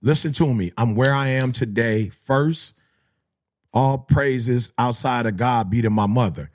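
A middle-aged man, a motivational speaker who tells stories in slangy talk and acts out other people's voices. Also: unhurried. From Detroit area. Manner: animated, slangy, acts out voices with big pitch jumps. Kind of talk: storytelling talk.

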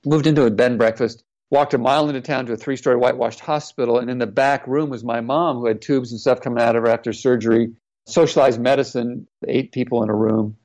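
A man's voice: mid-range voice, fairly even intonation, quick pace, darkish tone. A middle-aged man, a former pro athlete, earnestly telling a personal story in an interview. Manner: earnest, reflective, retelling quotes. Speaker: guest, former NFL player. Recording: slightly dull, lo-fi audio.

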